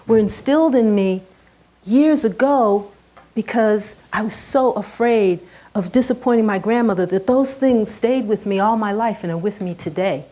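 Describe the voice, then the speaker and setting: Middle-aged woman, heartfelt storyteller on a talk stage; warm, soft tone that climbs and sinks with emotion. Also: medium pitch, normal speed. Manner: earnest and heartfelt, rises and drops sharply with emotion. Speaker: speaker giving a talk. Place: stage before a live audience.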